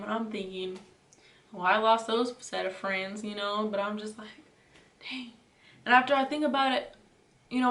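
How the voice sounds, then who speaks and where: A woman's voice: mid-range voice, bright, forceful tone, recorded from a distance. A young woman casually telling a storytime, talking loosely with lots of filler words. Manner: chatty, filler-heavy retelling with lots of "like" and "you know". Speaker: vlogger. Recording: roomy echo, voice away from the mic.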